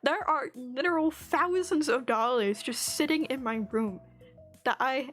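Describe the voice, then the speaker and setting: A woman's voice: high voice, measured pace, fairly bright tone, faint music behind. A woman streamer in casual chat, telling an angry story full of swearing and frequent laughs, on a streaming mic. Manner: laughs often between lines.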